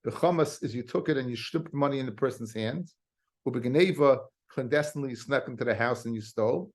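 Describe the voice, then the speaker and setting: A rabbi teaching a daily Talmud class, reading Aramaic phrases and explaining them in casual English, often restarting his sentences. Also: medium pitch. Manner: explains in a quick mix of Hebrew-Aramaic terms and English, with restarts.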